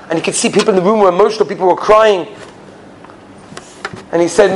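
A man giving a weekly Torah sermon, telling stories with strong feeling and swinging between loud and soft. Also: steady tone, fast talker, long pauses, noisy background. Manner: emotional storytelling, rises high and loud in retold quotes, sinks soft at the close.

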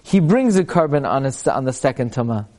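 Rabbi chanting and explaining Talmud. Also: male voice, medium pitch, big pitch swings, fairly quick, a little mellow. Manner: chants the text aloud then explains it plainly in English. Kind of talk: Talmud class, reading and explaining.

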